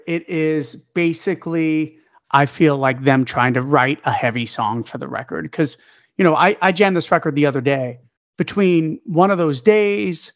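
A man co-hosting a casual music podcast, breaking songs down in a relaxed, analytical way with some swearing. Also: fairly high pitch, dry recording. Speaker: podcast co-host. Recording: dull lo-fi dry audio.

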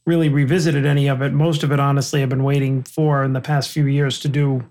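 A man co-hosting a casual podcast, talking in a halting way and losing his words. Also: medium pitch, flat delivery, a little mellow. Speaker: podcast co-host.

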